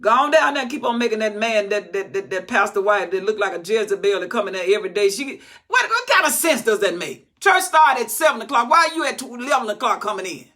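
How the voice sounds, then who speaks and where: A woman's voice: medium pitch, sing-song, quick pace, few pauses, sharp tone. A woman teaching the Bible in an emphatic, scolding, repetitive way.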